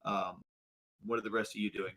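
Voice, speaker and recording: Man, game master, hesitant narration, bright tone. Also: lowish voice, level tone, a little fast, rough recording. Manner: hesitant, full of ums.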